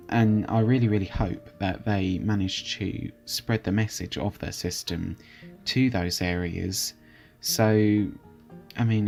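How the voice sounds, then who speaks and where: A young man with a lowish voice talks casually through a screen recording. He is chatty and easygoing, often hesitating and restarting his sentences. Faint music plays underneath. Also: darkish tone. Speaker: channel host reviewing software.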